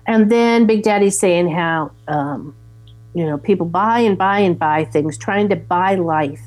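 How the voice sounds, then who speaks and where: A woman with a dark, mellow voice recaps a film in casual chat, moving steadily through the plot with fillers. A faint mains hum sits under the recording. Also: fairly low pitch, a little slow. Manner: steady recap with fillers, quoting lines plainly.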